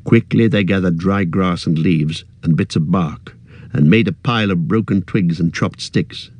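A man reading a fantasy story aloud in a steady, measured narration. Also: deep voice, husky. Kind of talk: audiobook narration.

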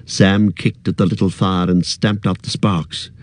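A man reading a fantasy story aloud in a steady, measured narration. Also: low voice, no room sound. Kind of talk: audiobook narration.

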